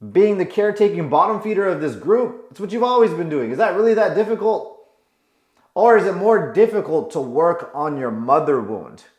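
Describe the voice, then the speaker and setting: A man's voice: high voice, animated, moderate pace, darkish tone. A man giving advice as a coach, telling a client's story and pressing listeners with emphatic rhetorical questions. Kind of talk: advice monologue. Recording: roomy echo.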